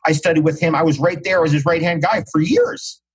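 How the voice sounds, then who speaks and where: A man's voice: a little high, brisk, breathy edge, poor audio. A man speaking as a podcast guest in casual interview talk, emphatic and repeating phrases for stress.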